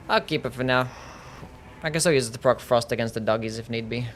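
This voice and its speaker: A man's voice: medium pitch, fast talker, a bit bright, a little hiss or hum. A young man streaming a game live, talking casually, swearing and reading chat aloud. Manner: laid-back, swears, reads chat aloud. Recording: faint music behind.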